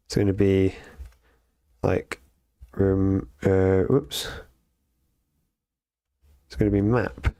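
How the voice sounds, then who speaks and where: A man on a live stream reading programming lessons aloud and thinking out loud as he codes, with frequent ums and restarts. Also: low-pitched, very slow, vocal fry, long pauses, smooth, no echo, clean studio sound. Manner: thinks aloud with many fillers and self-corrections. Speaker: streamer learning to code.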